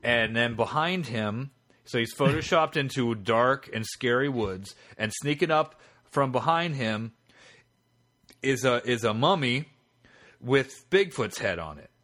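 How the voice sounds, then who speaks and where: A man's voice: mid-range voice, lively intonation, measured pace, fairly bright tone. A man co-hosting a podcast in casual chat, with a laid-back, irreverent joking manner. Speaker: podcast co-host.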